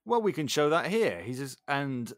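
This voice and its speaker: A man's voice: mid-range voice, sing-song, normal speed, dry recording, studio quality. A man hosting a casual podcast, animatedly retelling a film plot and acting out its characters. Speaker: podcast host.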